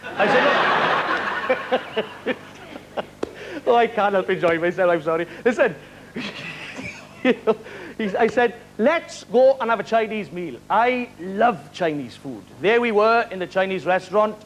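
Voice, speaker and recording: A Welsh man doing stand-up comedy on a live talent show, firing off quick one-liners and chuckling at his own jokes. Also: sits high, expressive, slight background noise, poor audio. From Wales. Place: television studio stage before a live audience. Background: studio audience laughter.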